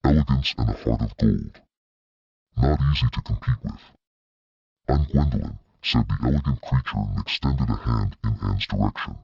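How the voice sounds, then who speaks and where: Deep, husky male narrator with dry wit, for a storybook read; dull, dry recording. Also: normal speed, darkish tone, dry recording. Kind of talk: scripted audiobook narration.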